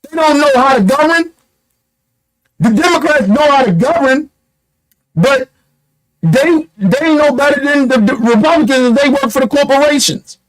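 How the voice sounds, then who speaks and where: A man with a strikingly high-pitched voice delivers a heated commentary rant. He talks bluntly and profanely, hammering his points with rhetorical questions. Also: low-quality recording. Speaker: online commentator.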